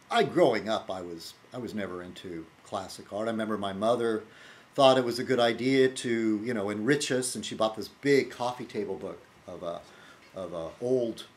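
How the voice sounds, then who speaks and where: A man talking casually in his weekly video blog, rambling and wry, with frequent fillers and restarts. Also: on the low side. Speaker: video blogger.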